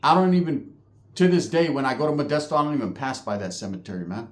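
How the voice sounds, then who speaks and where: A man's voice: medium pitch, quick pace. A man telling a story casually, with lots of slang and swearing. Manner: profane, slangy, animated. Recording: echoey room.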